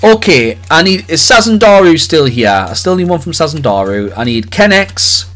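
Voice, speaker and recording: Excitable man hosting a livestream. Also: a little high. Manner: excitable, jokey, rapid swings between loud cheers and quiet mutters. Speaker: livestream host opening trading cards. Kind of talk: lively live-stream chat with viewers.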